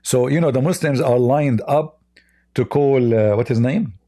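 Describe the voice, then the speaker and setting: A man hosting a live debate stream, talking in a mocking, sarcastic, halting way. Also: mid-range voice, warm tone, no echo, studio quality. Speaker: Christian apologist livestream host.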